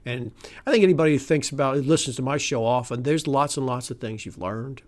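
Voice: medium pitch, quick pace. A podcast host ranting alone about politics, cursing freely, scoffing and laughing, sometimes sinking into a tired murmur. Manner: heated, profane ranting; scoffing laughs and exasperated sighs. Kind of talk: solo political rant podcast.

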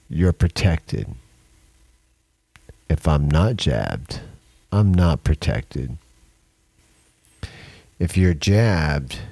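Deep, lively-voiced podcast host. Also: male voice, vocal fry, no echo. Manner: opinionated, reads headlines aloud then argues. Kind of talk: casual podcast commentary.

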